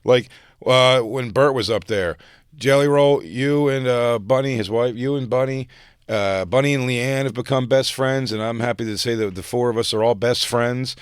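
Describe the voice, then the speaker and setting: A man hosting a podcast in casual comedic chat, rambling and animated, with plenty of fillers. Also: medium pitch, moderate pace, smooth, dry recording, studio quality. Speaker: podcast host.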